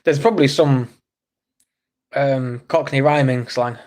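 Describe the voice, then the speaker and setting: An English man hosts a casual livestream, chatting, joking with viewers, and reacting to the chat messages he reads aloud. His medium-pitched voice is darkish and fairly even, and he talks a little slowly.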